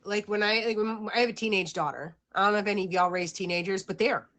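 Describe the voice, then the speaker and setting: A middle-aged woman in casual chat, telling animated stories and acting out exchanges. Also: medium pitch, quick pace. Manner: animated storyteller, acts out exchanges.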